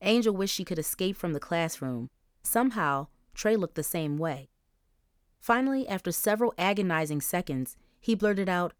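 A woman narrating a young-adult novel as an audiobook, in clear, even storytelling. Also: on the low side, moderate pace, dry recording, clean studio sound. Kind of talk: scripted narration.

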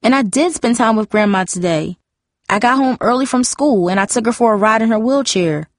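A woman reading a novel aloud, voicing a defensive, chatty fourteen-year-old girl with high, emphatic outbursts. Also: fairly quick, no room sound, clean studio sound, natural voice.

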